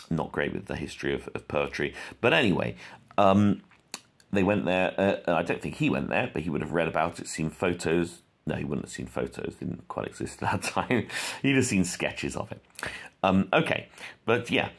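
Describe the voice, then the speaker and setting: A man giving an informal, rambling lesson on poetry, with many fillers, who reads verse aloud slowly. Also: low voice. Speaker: poetry teacher.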